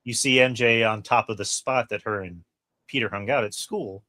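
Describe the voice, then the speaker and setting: A man with a lowish voice hosts a relaxed film review chat. He walks through scenes one by one and acts out what the characters say. The sound is dry and close. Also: normal speed, no room sound. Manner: retells scenes at length, acting out lines. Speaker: podcast host. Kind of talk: casual movie review chat.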